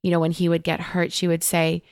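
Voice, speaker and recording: Soft-spoken woman with gravelly low tone. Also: monotone, a little fast, no echo, clean studio sound. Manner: gentle, open, storytelling with many fillers. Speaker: Akashic Records teacher, guest. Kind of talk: casual spiritual chat.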